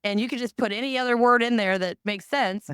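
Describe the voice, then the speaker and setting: Woman podcast host, candid and foul-mouthed, clear tone, dry close mic. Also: a little high, a little fast, a bit bright, no echo. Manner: blunt, candid, swears freely. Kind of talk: casual chat.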